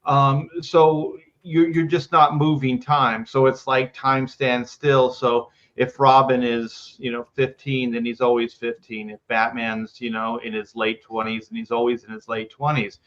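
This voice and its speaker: Male panelist, opinionated, "like"-heavy, mid pitch, muffled lo-fi call sound. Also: level tone, unhurried, few pauses, a bit bright. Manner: opinionated, uses "like" a lot. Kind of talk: casual panel discussion.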